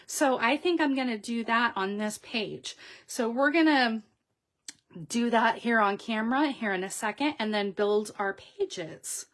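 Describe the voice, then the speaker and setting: Woman crafting host, middle-aged, higher voice, slow unhurried delivery, chatty and sentimental. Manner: chatty, emotional, frequent ums and restarts. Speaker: papercraft video host. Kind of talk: casual crafting tutorial.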